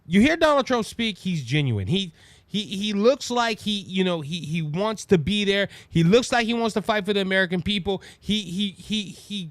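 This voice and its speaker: A man with a Cajun Louisiana accent hosting his own show, giving animated, mocking political commentary full of restarts and asides. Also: high-pitched, no echo. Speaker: podcast host.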